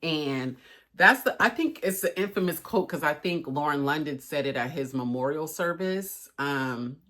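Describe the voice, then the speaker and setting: Low-voiced chatty woman vlogger. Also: a bit bright. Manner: chatty, encouraging, says y'all a lot; emotional, voice cracking at times. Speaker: lifestyle vlogger. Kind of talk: casual motivational vlog talk.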